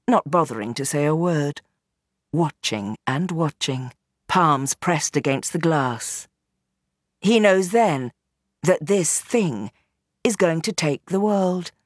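A woman with a voice on the low side narrates an audiobook in a steady, measured storytelling manner. The sound is clean studio audio with no room sound.

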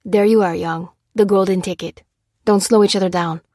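A woman voicing a gruff male army major who speaks in curt, commanding bursts in an audiobook. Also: medium pitch, steady tone, normal speed, dark tone, no room sound, studio quality, lightly acted. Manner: curt, barking orders.

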